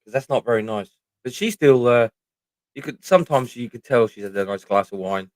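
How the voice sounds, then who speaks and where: A man's voice: medium pitch, lively intonation, brisk, a little mellow, dry recording. A middle-aged man with a British accent, chatting casually on a livestream, rambling and swearing freely. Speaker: livestream host.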